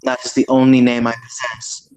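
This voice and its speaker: A man doing a calm, solemn warrior monk. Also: medium pitch, normal speed, crowd noise, close to an everyday voice, poor audio. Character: calm, grand old male warrior monk.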